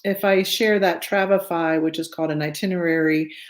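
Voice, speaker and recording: A woman's voice: lowish voice, steady tone, brisk. A woman hosting a virtual book club on a video call, chatty and now and then tongue-tied. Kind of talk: casual video-call chat.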